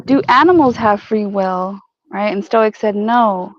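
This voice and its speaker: A woman in casual livestream chat, curious and quick, asking questions. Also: medium pitch, dry recording, lo-fi sound.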